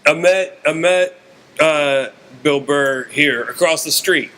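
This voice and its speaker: A man with a fairly high, bright, forceful voice spins wry stories in relaxed podcast talk. His delivery is conversational. He speaks as a working comedian. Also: takes it slowly, poor audio. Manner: storytelling, wry. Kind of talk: casual podcast chat.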